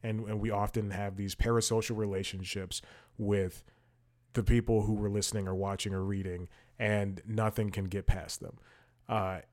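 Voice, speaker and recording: In casual podcast commentary, a male host with a lowish, fairly flat voice talks at normal speed. He's opinionated and rambling, thinking aloud while scrolling, with lots of fillers, restarts and tangents.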